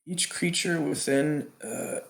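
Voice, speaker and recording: A man's voice: a little high, slow, gravelly, fairly bright tone, echoey room. A man running a tabletop game as game master, checking rules and asking his players questions.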